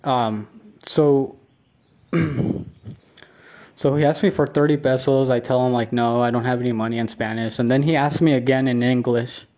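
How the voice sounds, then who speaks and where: A man's voice: mid-range voice, fairly even intonation, measured pace, long pauses, a little mellow. A man telling a rambling vlog story at home, profane and repetitive, full of filler words. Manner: rambling, profane, repeats himself with many "like" fillers. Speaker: vlogger. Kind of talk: casual solo vlog storytelling.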